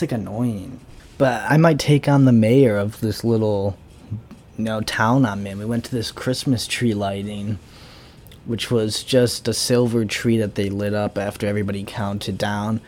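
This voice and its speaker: A young man rambling through a sarcastic, deadpan comic monologue as host of his own talk show. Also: on the low side, normal speed, a little hiss or hum. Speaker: podcast host. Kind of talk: casual comedic monologue.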